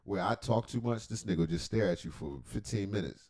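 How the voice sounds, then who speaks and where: A man's voice: on the low side, a little fast, a little mellow. A man hosting a livestream reaction, talking in a rambling, profane, joking way with lots of asides. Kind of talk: casual reaction commentary.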